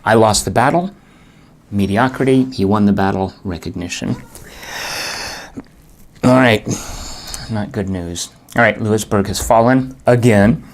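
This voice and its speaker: A man's voice: lowish voice, a little slow, pauses often. A man playing a board game solo and thinking aloud as he works through each turn, muttering and groaning at bad rolls.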